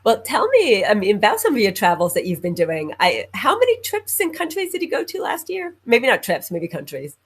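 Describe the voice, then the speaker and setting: A woman's voice: medium pitch, huge pitch swings, fairly quick, few pauses, breathy edge. A woman co-hosting a podcast, asking short questions in a casual chat and adding brief responses. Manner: short encouraging backchannels and questions. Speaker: co-host.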